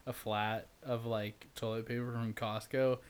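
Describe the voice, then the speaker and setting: A man's voice: medium pitch, little pitch movement, a little slow, clean tone. A man hosting a casual chat with friends, rambling with lots of fillers and frequent laughs.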